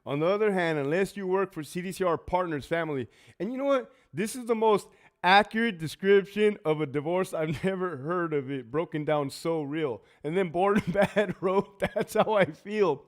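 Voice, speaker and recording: A man with a somewhat high voice rants on a casual livestream. His talk is blunt and full of profanity, and he laughs often between lines. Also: animated, normal speed. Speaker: livestream host, former prison officer.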